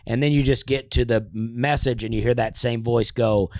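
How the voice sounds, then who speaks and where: A man spins loose, rambling stories, breaking off and restarting mid-sentence. His voice sits at an ordinary pitch. The sound is dry and close, with no room around it. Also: fairly even intonation, normal speed, darkish tone, dry recording. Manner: rambling, self-interrupting storyteller. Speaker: comedian guest. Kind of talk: casual interview storytelling.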